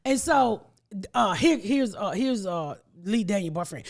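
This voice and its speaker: A middle-aged woman, telling stories as a podcast host, animated and profane, laughing often. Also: mid-range voice, unhurried, vocal fry. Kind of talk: casual storytelling chat.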